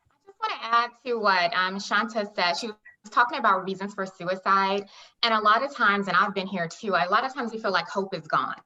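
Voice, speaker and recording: A woman's voice: medium pitch, brisk, pushed and bright, dull audio. A woman on a group video call, earnestly offering faith-based encouragement and advice. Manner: earnest and exhorting. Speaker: community member on a video call.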